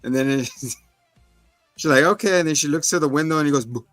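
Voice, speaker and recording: A man co-hosting a casual podcast, retelling a movie with lively storytelling and quick voices for the characters. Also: fairly high pitch, no echo, faint music behind. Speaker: podcast co-host. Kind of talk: casual movie review chat.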